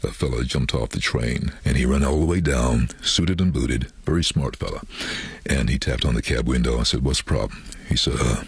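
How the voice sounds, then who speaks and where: A man who works as a voice-over artist, telling animated stories in an interview and acting out other people's voices. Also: rumbling low, brisk, vocal fry, husky, dry recording. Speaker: voice-over artist and former train driver. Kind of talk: storytelling in an interview.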